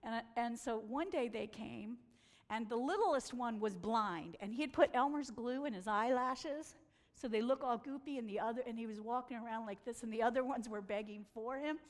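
Animated woman in a reverberant hall. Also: on the high side, normal speed. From United States. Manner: animated, acts out quoted voices. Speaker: speaker presenting photos. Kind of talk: storytelling talk with slides.

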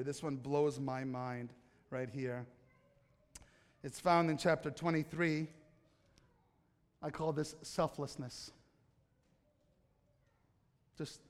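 High-voiced preaching man in a hall. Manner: animated preaching, shifts from loud excitement to soft hush. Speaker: pastor. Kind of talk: sermon. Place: church sanctuary.

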